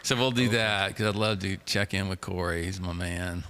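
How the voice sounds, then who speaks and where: A man's voice: low-pitched, moderate pace, sharp tone, slight background noise. A man hosting a live talk show, guiding the conversation in a laid-back, friendly way. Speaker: host.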